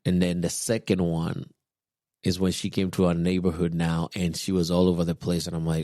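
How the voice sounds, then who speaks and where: Deep-voiced man telling a story. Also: normal speed, dry recording, clean studio sound. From Kenya. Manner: relaxed storyteller, chuckling often, quoting others. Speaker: podcast guest. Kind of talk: personal storytelling in casual chat.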